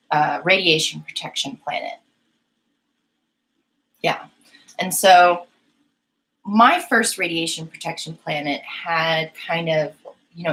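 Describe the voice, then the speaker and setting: A young woman hosting a painting live stream chats casually with her chat and giggles as she goes. Her voice sits on the low side and is a bit bright, and the recording is rough.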